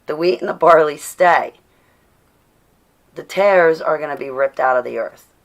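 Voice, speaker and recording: A woman's voice: low voice, unhurried. A tired woman hosting a casual livestream, preaching to and chatting with her viewers and laughing often. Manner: preachy, reads chat aloud, laughs often. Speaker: livestream host.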